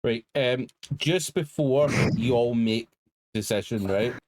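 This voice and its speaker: A man's voice: mid-range voice, takes it slowly, darkish tone. A man narrating as game master, laying out the situation with hesitant fillers.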